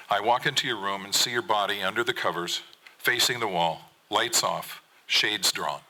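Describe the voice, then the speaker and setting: Man on stage reading a true story, bright sharp voice, pitched a bit low, earnest. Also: measured pace, poor audio. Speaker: fisherman poet reading his story. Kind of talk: live reading of a personal story. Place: theater stage at a gathering.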